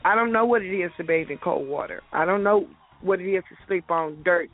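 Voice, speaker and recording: A woman's voice: fairly low pitch, fairly quick. A woman calls in to a radio show and rambles hesitantly, repeating words as she searches for them. Her voice comes through a thin, tinny phone line. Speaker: caller. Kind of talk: casual call-in question.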